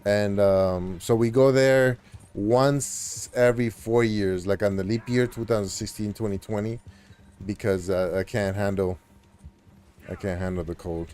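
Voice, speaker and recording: A man streaming a game chats away in a relaxed, meandering manner, stopping often for fillers. His voice sits low and sounds mellow and dark. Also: a little slow, smooth. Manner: rambling, laid-back, with many fillers. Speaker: live streamer. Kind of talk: casual chat while gaming.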